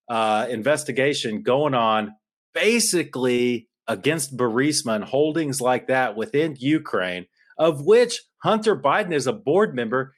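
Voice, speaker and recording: A man co-hosting a podcast, ranting in a heated, worked-up way into a studio mic. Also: a little high. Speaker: podcast co-host. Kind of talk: political podcast rant.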